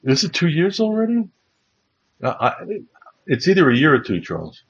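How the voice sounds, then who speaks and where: Husky-voiced chaplain telling stories. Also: male voice, a little high, huge pitch swings, normal speed. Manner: rambling, restarts, chuckling as he recalls. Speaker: chaplain and host of a Bible livestream. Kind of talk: casual anecdotal storytelling. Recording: dull lo-fi stream audio.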